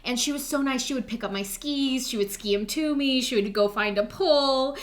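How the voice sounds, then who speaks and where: A young woman co-hosting a podcast tells a story in casual chat, upbeat and chatty, full of "like" and acted-out quotes. Her voice sits high and moves briskly.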